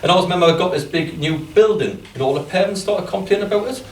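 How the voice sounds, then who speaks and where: Fast-talking football manager with a strong accent. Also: male voice, high-pitched. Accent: strong regional accent. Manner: chatty, self-deprecating, laughs at own stories. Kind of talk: press conference storytelling. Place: press conference room. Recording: echoey room, distant mic, faint noise.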